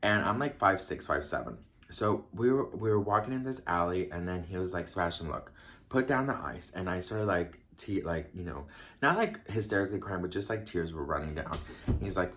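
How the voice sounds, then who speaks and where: A man telling a personal story in a casual, animated way, acting out the voices of the people in it. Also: deep voice, moderate pace. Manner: animated, chatty, acts out quoted voices.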